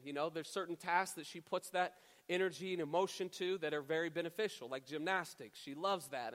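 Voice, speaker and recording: A man's voice: a little high, fairly bright tone. A man pastor preaching a sermon, stretching and stressing key words with emphatic delivery. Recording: long reverb of a church hall.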